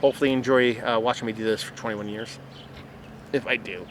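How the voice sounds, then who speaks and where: A man's voice: medium pitch, steady tone, fast, a bit bright, a little hiss or hum. A man chatting through a casual beer review outdoors at his rural home, rambling and restarting his sentences. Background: birds and outdoor sounds.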